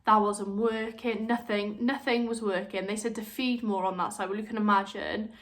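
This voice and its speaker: Speaking frankly to her camera, this young new mom and vlogger has a mid-range voice, fairly even intonation and a moderate pace. Her personal chat is open and conversational, and she puts on different voices to quote people.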